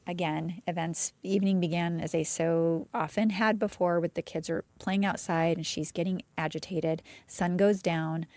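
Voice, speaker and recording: A woman's voice: on the low side, a little mellow, dry recording. A woman co-hosting a casual true-crime podcast, retelling a case conversationally with blunt asides. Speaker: podcast co-host.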